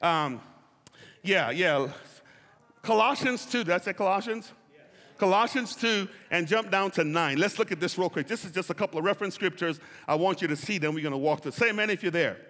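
Guy preaching in a big echoey church, bright voice, bounces all over, keeps getting them to say it back. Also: high voice, expressive, brisk. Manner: call-and-response preaching, drawing out key words. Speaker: pastor. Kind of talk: sermon. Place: church sanctuary. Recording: reverberant church hall. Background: long hall reverb.

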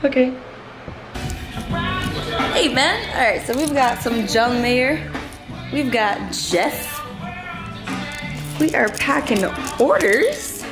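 A young woman in her twenties chatting casually to camera in a vlog, bubbly and gushing, quick to laugh. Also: high-pitched, big pitch swings, over music, low-quality recording. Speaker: vlogger.

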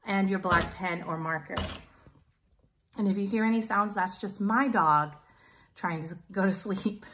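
A woman teacher reading a picture book aloud to children in an animated way, pausing to ask them questions. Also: mid-range voice, a little hiss or hum. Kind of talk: children's story time.

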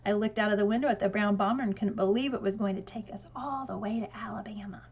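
A woman narrating an audiobook in a lively storytelling way with dry humor. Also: medium pitch, quick pace, breathy edge, lo-fi sound.

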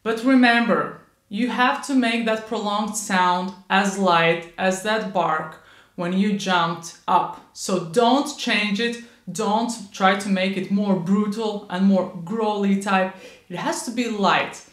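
A woman's voice: medium pitch, steady tone, slow pace, roomy sound. A woman vocal coach giving a patient instructional lesson on growling, demonstrating light sounds as she explains.

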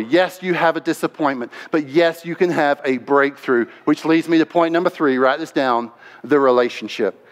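High-voiced preacher in a big echoing hall. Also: male voice. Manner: impassioned, swings between loud and hushed. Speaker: pastor. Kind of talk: sermon. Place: large church sanctuary. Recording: long hall reverb.

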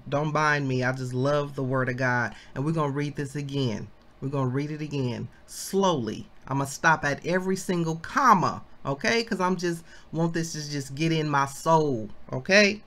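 A woman leading a Bible study, reading commentary aloud slowly and breaking into excited exclamations, calling her listeners family. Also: low-pitched. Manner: slow and deliberate, bursts into excited exclamations; addresses listeners as family, asks them questions.

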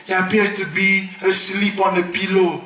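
Male preacher with a higher, bright voice who swings from loud, high exclamations to hushed lows, recorded from a distance in a reverberant hall. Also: flat delivery, normal speed. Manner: dramatic swings from loud high exclamations to soft low murmurs. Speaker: pastor. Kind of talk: sermon. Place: large hall at a healing crusade. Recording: echoey hall, mic at a distance.

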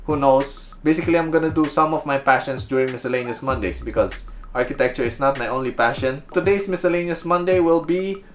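A man's voice: medium pitch, fast talker, slight background noise. A young man from the Philippines with a Filipino accent, chatting playfully and poking fun at himself while answering viewer questions in a casual vlog. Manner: playful, self-mocking, chatty. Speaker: architecture video creator.

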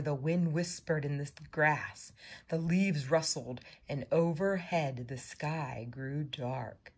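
A woman narrating children's picture books in a gentle, expressive storytelling voice. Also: sits low, slightly rough. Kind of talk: children's story read-aloud.

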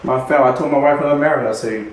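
A man's voice: mid-range voice, rapid-fire. A man minister preaching a sermon with emphasis, repeating key phrases and chuckling between points. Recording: echoey room.

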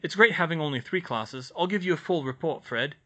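A man's voice: fairly high pitch, expressive, fairly quick, sharp tone, muffled recording, voice pushed up. A man voicing an easygoing teenage boy wizard in an audiobook reading, casual and offhand. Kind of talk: audiobook reading of fan fiction.

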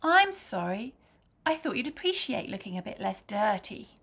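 Woman voicing an apologetic partner in a comic skit. Earnest, slightly flustered, medium pitch. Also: big pitch swings, moderate pace, loud music behind the voice. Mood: sheepish. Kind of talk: comic sketch acting.

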